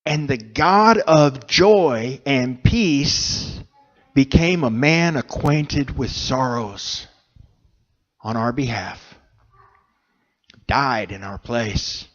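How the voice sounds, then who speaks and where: A man delivers a slow, heartfelt sermon in a church, letting long pauses fall between his phrases. His voice sits at a middle pitch, and the recording sounds dull and lo-fi. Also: lively intonation. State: emotional, choked up. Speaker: preacher. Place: church sanctuary.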